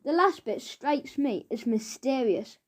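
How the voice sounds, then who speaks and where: A woman's voice: high voice, expressive, unhurried. A woman voicing a clever, cheeky boy detective who talks with innocent politeness in a storybook reading. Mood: polite. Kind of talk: children's audiobook character voice.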